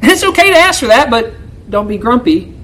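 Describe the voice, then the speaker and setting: Preaching an expository sermon, this church elder speaks emphatically and keeps tossing "right?" to the congregation. He shifts from raised pleas to quiet murmurs with wide pitch swings at a brisk pace, and the poor recording carries some hiss or hum.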